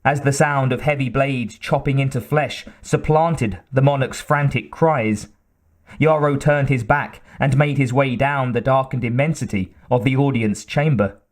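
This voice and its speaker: A man narrating an audiobook in a measured, deliberate reading style. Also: mid-range voice. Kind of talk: scripted narration.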